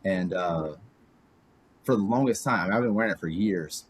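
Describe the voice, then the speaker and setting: A man in his thirties chats as a podcast guest, his voice on the low side and noticeably husky. He wanders through his stories, padding them with "like" and little laughs, casual and unhurried. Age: 30s. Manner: rambling anecdotes full of "like" and chuckles. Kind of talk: casual chat.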